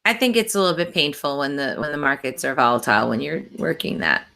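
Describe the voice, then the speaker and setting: A woman's voice: deep voice, vocal fry, sharp tone. A woman hosting a podcast, chatty and upbeat, teasing her guests. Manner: chatty and upbeat, quick to tease. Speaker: podcast host. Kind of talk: casual chat.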